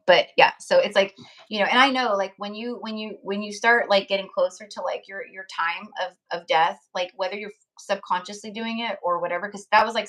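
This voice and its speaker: A woman's voice: medium pitch, a bit bright. Rambling, heartfelt woman on a live stream. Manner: rambling, heartfelt, lots of fillers. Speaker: tarot reader hosting a live stream. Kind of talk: casual live-stream chat.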